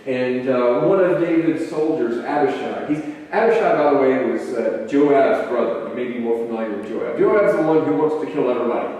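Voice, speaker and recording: A man's voice: medium pitch, moderate pace, a little mellow. A man teaching a conversational Bible lesson, retelling stories loosely with many hesitations and restarts. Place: church meeting room. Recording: echoey hall from a distant mic.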